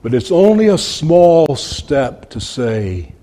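A man's voice: on the high side, big pitch swings, slow, few pauses, mellow, long reverb tail. A man preaching an expository sermon, earnest and emphatic, repeating key phrases and addressing his listeners as friends.

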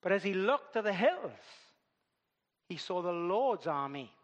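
Male preacher, animated storyteller; high voice in a reverberant hall. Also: unhurried, highs cut off. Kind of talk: sermon.

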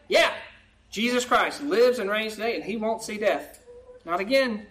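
During a sermon, a preacher reads a psalm in old-fashioned language, then explains it plainly, frequently asking listeners "right?" and rising to a pleading tone when voicing the lament. The voice is mid-range and fairly bright at a normal speed, with a little hiss or hum.

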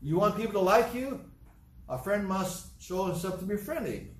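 A man's voice: high-pitched, expressive, moderate pace, far from the mic. Emphatic preaching man in an echoey room. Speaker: pastor. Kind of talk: sermon.

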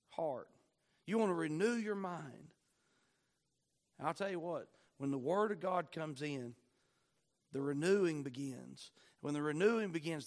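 A man delivers a sermon in a high, bright-edged voice. He swings between hushed, intimate asides and fervent climaxes, drawing out key words for emphasis. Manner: impassioned, surging from quiet to near-shouting. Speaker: pastor.

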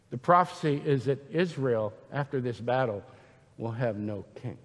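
A man's voice: mid-range voice, normal speed, big-room sound. A man preaching a sermon, emphatic and retelling scripture scenes with voices.

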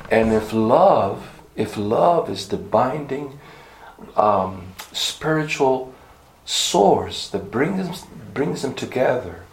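A man's voice: mid-range voice, lively intonation, takes it slowly, roomy sound, slight background noise, rough recording. A man preaching a sermon, emphatic, repeating key words for stress, with some ums and uhs.

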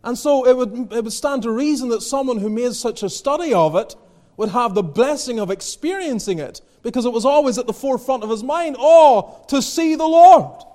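His voice is very high and a little mellow, with lively intonation and a slightly fast pace. The man delivers an earnest sermon, citing King James scripture and climbing to emphatic appeals.

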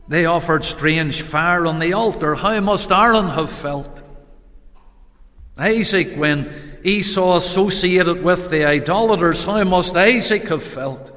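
A man preaching a sermon, swinging between raised emphatic calls and hushed solemn passages, with repeated rhetorical questions. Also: fairly high pitch. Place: church. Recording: long reverb of a church hall.

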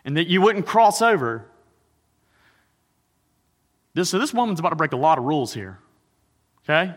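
A man preaching a sermon as a pastor, swinging between loud emphasis and hushed intensity. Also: a little high, big pitch swings, normal speed, in a large hall.

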